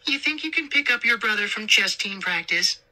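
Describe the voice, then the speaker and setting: A nagging, insistent mother on the phone, as a male narrator puts her on, with a high, lively lilt. Her voice is bright and keeps scolding. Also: a little fast, exaggerated voice.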